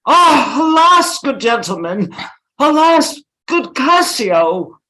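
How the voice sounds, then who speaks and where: Woman reading alarmed wife crying out, slow and lively in pitch. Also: exaggerated voice, poor audio. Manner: loud, exclaiming. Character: alarmed wife, scolding and loud. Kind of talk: amateur play reading.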